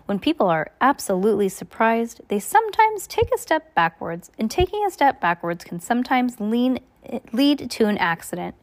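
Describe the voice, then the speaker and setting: A woman reading a children's novel aloud at home in an unpolished way, stumbling and restarting. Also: medium pitch. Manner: adds offhand casual remarks. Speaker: reader.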